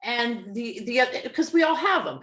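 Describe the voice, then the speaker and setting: A woman with a New Jersey accent, co-hosting a podcast, telling a story in a lively way, acting out the people in it and laughing often. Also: on the high side, unhurried, roomy sound. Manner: animated, acts out quoted people, laughs often. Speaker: podcast co-host, medium. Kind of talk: casual storytelling chat.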